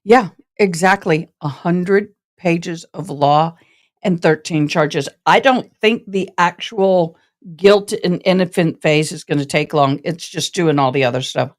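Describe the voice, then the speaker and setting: A woman's voice: fairly low pitch, measured pace. A woman hosting a casual live stream about a trial, chatting with viewers in a rambling, passionate, direct way. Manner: self-described passionate and direct.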